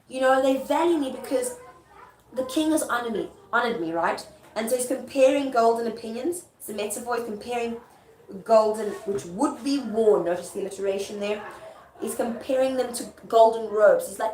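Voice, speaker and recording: A woman teacher explaining Shakespeare in a casual, chatty lesson, often checking that her listener follows. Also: a little high. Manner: chatty, checks understanding with quick asides. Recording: echoey room with faint ambience.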